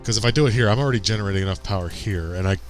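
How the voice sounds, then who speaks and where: A man's voice: on the low side, racing, faint music behind. Rambling male game streamer. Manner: rambling, thinking aloud with fillers. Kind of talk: casual gameplay commentary.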